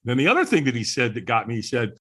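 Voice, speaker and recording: A man's voice: mid-range voice, sing-song, fast, sharp tone, husky. A middle-aged man, a podcast guest, candidly telling his personal story in conversation, earnest and chuckling now and then.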